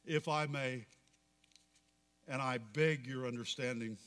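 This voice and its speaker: A man's voice: medium pitch, slow pace, fairly bright tone, big-room sound. A man preaching a sermon, reading scripture aloud with rising fervor. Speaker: pastor.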